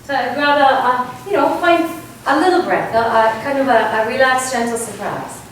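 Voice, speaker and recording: An animated Argentine woman with a voice on the high side leads a choir workshop as vocal coach, speaking at normal speed amid slight background noise. Recorded far away in an echoey space, she sings example sounds and often asks "right?".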